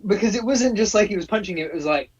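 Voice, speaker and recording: A man co-hosting a casual live-stream chat, gushing and excitable, tripping over and repeating his words. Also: high-pitched, quick pace, a little hiss or hum. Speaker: co-host. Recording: distant, muffled call audio.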